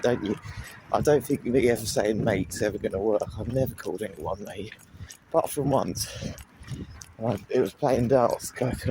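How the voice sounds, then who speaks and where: A young vlogger with a medium-pitched voice talks fairly quickly into his handheld phone while running outdoors by the sea. He's casual and self-deprecating, using many fillers, and there's background noise.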